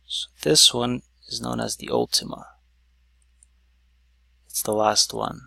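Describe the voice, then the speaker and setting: A man teaches a whiteboard lesson at an unhurried pace, pointing things out one step at a time. His voice is gravelly with a bright edge. The sound is dry and close. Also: medium pitch, no echo. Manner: slow, stepwise explaining with many "so"s.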